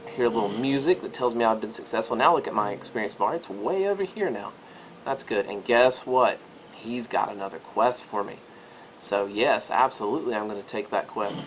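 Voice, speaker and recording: A man talking through a game tutorial in an upbeat, chatty style, with a voice pitched in the middle range for a man. A faint hiss of background noise sits under his voice. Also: fairly bright tone. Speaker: teacher demonstrating a game. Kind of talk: screen-recorded game tutorial.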